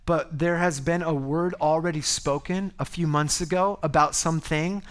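High-voiced, animated male pastor. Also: moderate pace, clean tone. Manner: conversational, animated, self-interrupting. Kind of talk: sermon. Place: church service before a congregation.

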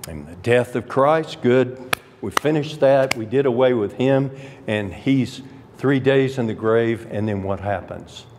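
A man's voice: mid-range voice, lively intonation, slight background noise. A man preaches a verse-by-verse sermon, taking his time over each point. His voice swoops up and down expressively as he drives home the emphatic words. The sound carries the long ringing reverb of a church sanctuary. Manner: deliberate expository preaching with emphatic rises. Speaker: Bible teacher.

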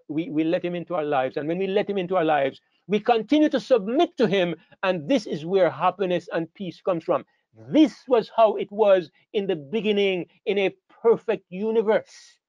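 A man's voice: high-pitched, darkish tone, no room sound. A man preaching a sermon with an emphatic manner, asking rhetorical questions and repeating key phrases. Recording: dull dry lo-fi sound.

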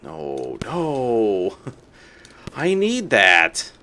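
A man's voice: fairly low pitch, very slow, a little hiss or hum. A man streaming live gameplay, chatting to his viewers and to the creatures on screen, yelping and cursing when things go wrong. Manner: excitable, talks to game creatures, yelps and curses.

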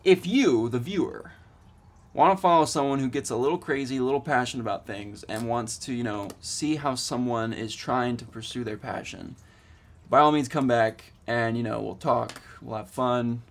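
A man's voice: medium pitch, moderate pace. A man in his twenties vlogging casually, rambling eagerly with lots of fillers and restarts. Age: 20s. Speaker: student vlogger. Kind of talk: casual vlog.

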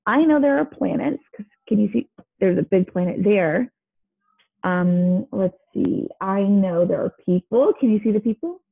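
A woman's voice: mid-range voice, lively intonation, moderate pace, creaky, husky, narrow, tinny audio. A woman teacher reading a picture book aloud to her class, pointing things out and asking questions. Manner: guiding and questioning.

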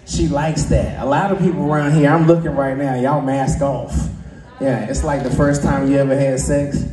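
A man doing a stand-up comedy set on a club stage, loose and joking, with a slight lisp, slipping into quick voices. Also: mid-range voice, steady tone, mellow, reverberant, low-quality recording.

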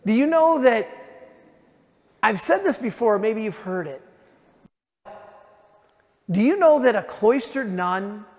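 A man preaching as a priest at a retreat in a large church, emphatic and slowing down for his key lines. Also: high-pitched. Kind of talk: sermon at a parish retreat. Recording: long reverb of a church hall.

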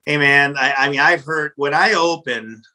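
A middle-aged man, a pizza restaurant owner, telling a story in a casual interview in a blunt, animated, profane way. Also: on the high side, moderate pace, rough recording.

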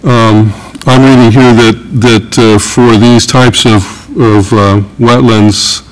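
A male councilmember asking questions at a meeting, halting and full of fillers as he reads from a report. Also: medium pitch, steady tone, poor audio. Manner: hesitant, many fillers and restarts while reading.

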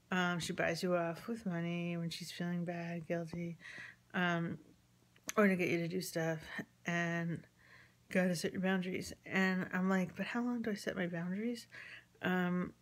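A woman with a slightly low voice recounts a personal family story in a loose, rambling way. She acts out each side of the conversations she quotes and fills her pauses with ums. At times her voice sinks to a hushed, half-whispered murmur. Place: at home with chickens nearby.

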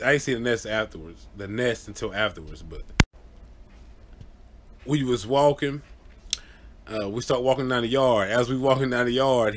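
A man telling a true story to camera in a casual, animated way, often laughing and acting out the people in it. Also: mid-range voice. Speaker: vlogger.

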